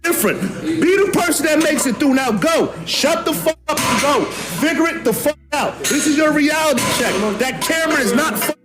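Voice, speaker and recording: A man's voice: very high voice, expressive, normal speed. A man coaching in a gym, harsh and swearing as he barks orders. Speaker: fitness coach. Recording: echoey gym with loud music.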